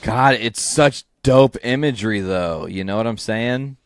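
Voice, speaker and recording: A man's voice: mid-range voice, a little slow, clear, resonant tone, dry recording, clean studio sound. A man co-hosting a podcast, chatting casually and enthusiastically, with lots of swearing. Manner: enthusiastic, profane, rambling. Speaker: podcast co-host. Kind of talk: casual comic book chat.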